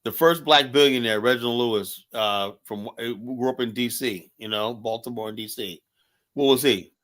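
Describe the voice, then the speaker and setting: A man's voice: mid-range voice, normal speed, fairly bright tone. An American man hosting a casual talk show, speaking emphatically and often tagging lines with "you know?". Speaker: show host.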